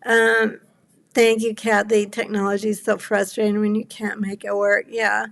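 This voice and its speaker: A woman's voice: medium pitch, monotone, moderate pace, gravelly, a bit bright. A woman in her seventies hosting a cardmaking livestream, chatting with viewers, apologetic and rambling, close to tears. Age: 70s. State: near tears. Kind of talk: casual chat with live viewers.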